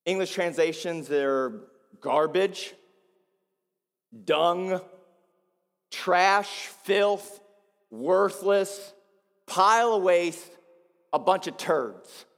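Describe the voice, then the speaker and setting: A man preaching a sermon as pastor, swinging between quiet, low passages and loud, emphatic ones. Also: drawn-out words, pauses often, in a large hall.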